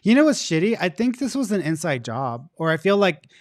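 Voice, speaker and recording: Male psychic co-host, chatty and animated, higher voice, dry recording. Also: a little fast, no echo. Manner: chatty, animated, laughs easily. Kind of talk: live reading, casual chat.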